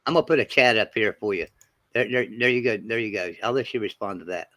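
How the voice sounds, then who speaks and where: A man's voice: on the low side, quick pace, fairly bright tone, no room sound. A man hosting a livestream, thanking viewers and guests in a friendly way. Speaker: livestream host. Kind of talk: host sign-off and thanks.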